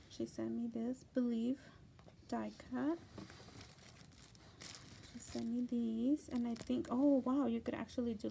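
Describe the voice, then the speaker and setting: A middle-aged woman hosting a craft channel, chatting casually and excitedly as she unboxes gifts. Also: on the high side, creaky, slight background noise, rough recording. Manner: gushing, excited, gasping exclamations. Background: paper crinkling.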